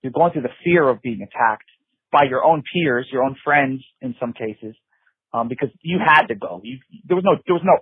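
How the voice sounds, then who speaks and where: A man's voice: mid-range voice, lively intonation, normal speed, slightly rough, no echo. A middle-aged man recounting his past in an emphatic way, repeating himself and saying "you know" a lot, heard over a phone line. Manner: emphatic, repetitive, frequent "you know" and restarts. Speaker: interview guest. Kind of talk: intense personal recollection.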